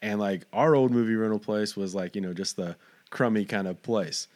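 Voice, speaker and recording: A man's voice: on the low side, fairly even intonation, normal speed, darkish tone. A man from Fort Stockton hosting an interview, rambling and stumbling over his words. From Fort Stockton, Texas. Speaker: interviewer host. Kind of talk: casual interview.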